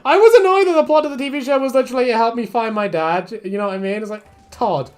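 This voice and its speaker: A woman's voice: a little high, fast talker, soft background music. A woman from England with an English accent, chatting casually on a live stream while she draws, laughing and swearing often. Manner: animated, laughing, swearing, reading chat. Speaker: streamer, artist.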